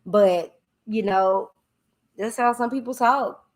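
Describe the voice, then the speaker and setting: A woman hosting a casual livestream, chatting with viewers and reading their comments aloud. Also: a little high. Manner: chatty, drawn-out exclamations, talks to viewers as "y'all" and "child". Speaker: livestream host.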